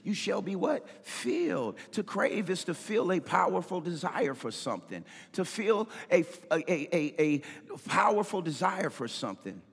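A man preaching a sermon as pastor, impassioned, swinging between shouts and sing-song cadences. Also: sits high, sing-song, normal speed, few pauses, slightly rough, big-room sound. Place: church sanctuary.

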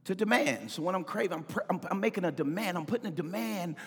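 A man preaching a sermon as pastor, impassioned, swinging between shouts and sing-song cadences. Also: high-pitched, expressive, quick pace, creaky, long reverb tail. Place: church sanctuary.

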